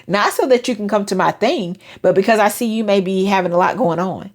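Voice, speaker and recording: A woman, hosting a casual motivational talk and acting out quoted friends in higher voices. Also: normal speed, hardly any pauses, a little mellow. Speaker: host.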